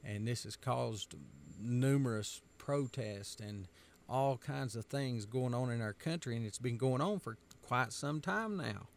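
A man's voice: mid-range voice, unhurried, vocal fry. A man from the United States giving an emphatic, sermon-style commentary, driving his points home by repetition.

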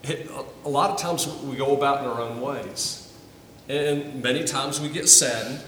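A man's voice: medium pitch, normal speed, a bit bright, slight background noise. A man preaching a sermon to his congregation, earnest and often repeating his first words as he starts a thought. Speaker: pastor. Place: church sanctuary. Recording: roomy hall, from a distance.

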